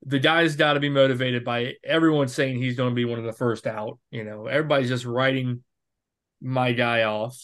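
A man in his thirties talks through his picks as a podcast co-host, thinking aloud and often restarting his sentences. His voice sits in an ordinary middle pitch. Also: steady tone, brisk, fairly bright tone. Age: 30s. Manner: rambling, self-correcting, thinks aloud. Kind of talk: casual sports betting chat.

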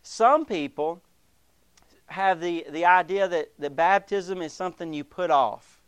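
High-voiced, animated male preacher. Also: unhurried, smooth, no echo. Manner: animated, acts out quoted voices, emphatic. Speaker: pastor. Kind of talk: sermon.

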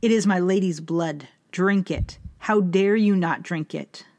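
A woman's voice: fairly low pitch, measured pace, darkish tone, no echo. A woman voicing a grieving old vampire father, speaking in a raised, pleading way. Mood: enraged. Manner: pleading, raised emotional delivery.

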